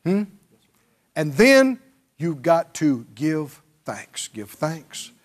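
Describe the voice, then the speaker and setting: Preacher guy, really lively voice swinging up and down, takes his time. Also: fairly high pitch, drawn-out words. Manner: preaching with call-and-response, mimicking pleading prayers. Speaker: pastor. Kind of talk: sermon.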